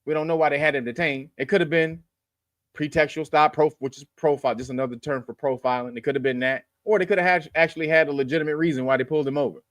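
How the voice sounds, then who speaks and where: A man's voice: on the high side, steady tone, fast talker, no room sound. A man hosting a news commentary show, blunt and profane, lecturing his viewers. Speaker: host.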